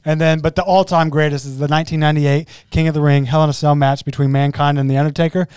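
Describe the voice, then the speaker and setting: A man's voice: a little high, flat delivery, quick pace, darkish tone, clear, resonant tone, no room sound, clean studio sound. A man, co-hosting a podcast, joking and asking questions. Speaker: podcast co-host. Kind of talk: casual podcast chat.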